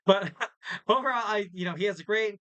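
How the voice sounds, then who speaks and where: A man's voice: high-pitched, moderate pace, fairly bright tone, highs cut off. A man hosting a podcast, signing off in a rambling, joking, casual way. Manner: rambling, joking, self-correcting. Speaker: podcast host.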